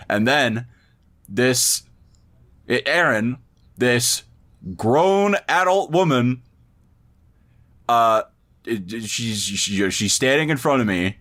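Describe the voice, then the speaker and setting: A man's voice: medium pitch, lively intonation, slow, pauses often, fairly bright tone. A man on a podcast telling a long, rambling story in casual chat, swearing freely and restarting his sentences often. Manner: rambling, profane, frequent restarts. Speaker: podcast co-host.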